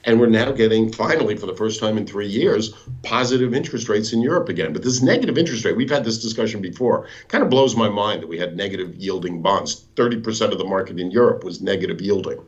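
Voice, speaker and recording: Husky-voiced man explaining bond charts. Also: on the low side, expressive, fast, few pauses, highs cut off. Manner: patient, teacherly, explains step by step. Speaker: guest bond market expert. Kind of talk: explaining charts in a live talk.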